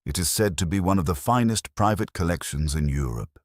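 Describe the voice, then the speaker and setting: A man voicing a shrewd, fastidious older Belgian detective who speaks precisely and courteously and drops in French phrases. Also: low-pitched, expressive, dry recording, studio quality.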